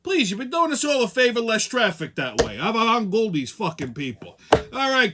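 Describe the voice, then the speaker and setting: A man's voice: high voice, huge pitch swings, brisk, music in the background. A man hosting a weekly show, ranting sarcastically and profanely. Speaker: host. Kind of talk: profane comedic rant.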